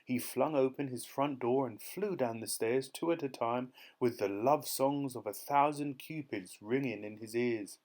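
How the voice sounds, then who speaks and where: A male audiobook narrator reading a children's story in a lively, expressive way. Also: mid-range voice, a little slow, hardly any pauses.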